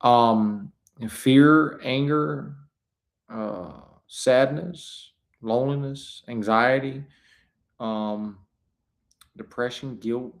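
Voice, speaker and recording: A man's voice: medium pitch, steady tone, slow, gravelly. A man hosting a live stream, talking in a rambling, preachy way with many fillers and restarts. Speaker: host. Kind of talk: casual live-stream talk.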